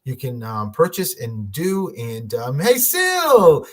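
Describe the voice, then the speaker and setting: A man's voice: medium pitch, lively intonation, a little slow. A man doing a casual livestream reading for his viewers, chatty and rambling, with lots of restarts and fillers. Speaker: medium, livestream host.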